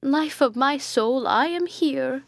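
Storybook reading, woman doing a tearful grieving mother, pleading, higher voice, dry close sound. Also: measured pace, no echo. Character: grieving noble mother, tender.

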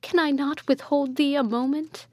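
A woman's voice: high-pitched, steady tone, normal speed, no room sound, pitched above the performer's own voice, natural voice. Hippolyta, a woman voicing a grieving noble mother. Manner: tearful, pleading.

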